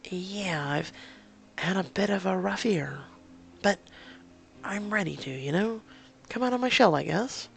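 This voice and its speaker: Shy hesitant college girl voiced by a reader, quiet, lively pitch. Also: a little slow, vocal fry, long pauses, faint music behind. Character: shy young woman student.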